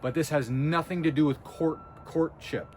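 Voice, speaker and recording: A man's voice: fairly high pitch, steady tone, moderate pace, darkish tone, a little hiss or hum. A man talking straight to camera, coaching viewers on body language in a blunt, emphatic, intense way. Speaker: body language video host. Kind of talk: casual direct-to-camera coaching talk.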